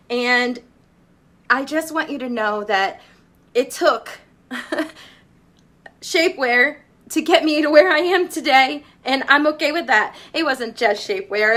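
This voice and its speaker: A woman with a slightly high, bright, sharp-edged voice gives a heartfelt personal testimony. She speaks earnestly and sounds close to tears. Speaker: mother and shapewear seller.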